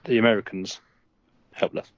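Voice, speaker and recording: A man making quick, dry remarks in casual podcast chat. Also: no echo, lo-fi sound. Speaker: podcast co-host.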